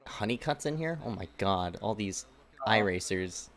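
A young man hosting a live reaction to a truck race, laughing, shouting and swearing as he comments. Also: fairly low pitch, lively intonation, normal speed. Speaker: channel host reacting to a race.

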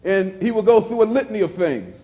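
A man preaching a sermon as pastor, repeating phrases for emphasis and dropping suddenly to a hush. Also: sits high, sing-song, brisk, highs cut off.

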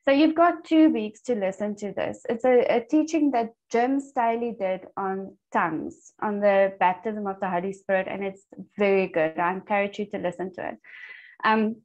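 A woman's voice: medium pitch, moderate pace, darkish tone. A woman leading a church discipleship group over a video call, teaching and telling stories earnestly. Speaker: Bible study group leader. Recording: dull lo-fi online call audio.

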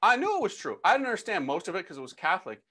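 A middle-aged man, a priest, telling his conversion story as a lively, slangy testimony talk and acting out the dialogue. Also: high-pitched, rapid-fire.

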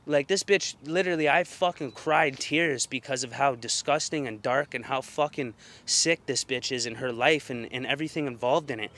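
A man's voice: mid-range voice, normal speed, few pauses, sharp tone. A young man hosting his own channel, ranting heatedly about a personal ordeal, cursing constantly and repeating fillers. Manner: heavy swearing, emphatic, repetitive fillers. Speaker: channel host. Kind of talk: agitated personal rant to camera.

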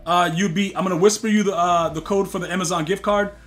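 A young man in casual live-stream chat with his viewers, excitable and profane, talking in a style. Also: high-pitched, fast talker. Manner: loud, profane, excitable trash talk.

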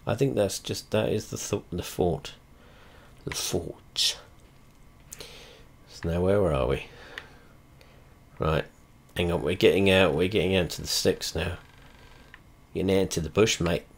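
Gravelly and low, his voice moves at a normal speed as he plays a flight simulator and talks over it. The video creator rambles, swears constantly and speaks bluntly and chattily, often breaking off mid-thought and beginning again.

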